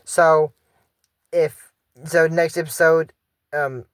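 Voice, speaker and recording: A YouTube host casually recapping a cartoon episode in a rambling, halting way, with frequent restarts. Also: mid-range voice, fairly even intonation, no room sound, clean studio sound.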